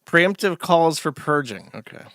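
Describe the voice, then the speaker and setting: A man's voice: fairly high pitch, lively intonation, measured pace, a bit bright, no room sound, clean studio sound. A man hosting a show, giving sarcastic, mocking casual commentary while reacting to a video. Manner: sarcastic, mocking, laughs often. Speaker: streamer host.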